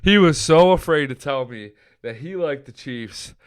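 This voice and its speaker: A man's voice: a little high, animated, unhurried, smooth, no room sound. Casual swearing male sports host. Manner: loose storytelling, swears freely.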